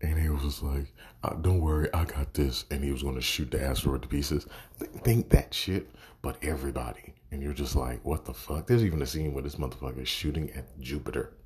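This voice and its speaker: A man's voice: a bass voice, steady tone, brisk, darkish tone, breathy edge. A man giving a casual, profane movie review, exasperated and sarcastic, swearing constantly.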